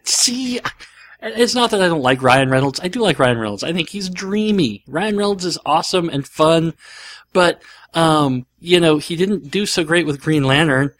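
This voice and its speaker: Casting note: male solo podcaster, excitable and rambling, dry close-miked sound. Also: on the high side, normal speed, no room sound. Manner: animated, rambling, frequent fillers and restarts. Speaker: podcast host. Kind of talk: casual solo podcast monologue.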